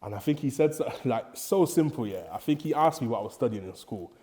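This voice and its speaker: A man's voice: medium pitch, expressive, quick pace, warm tone. A young man with a Bristol accent, telling stories in a casual chat in street slang and acting out the people he quotes. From England. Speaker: podcast guest, prison officer.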